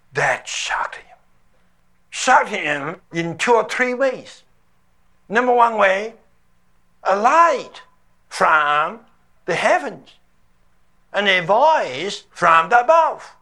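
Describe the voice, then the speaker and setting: A man's voice: sits high, sharp tone. An older man preaching a sermon, telling the story emphatically and dramatically and stretching out the words he stresses. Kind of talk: sermon, played from an archive recording.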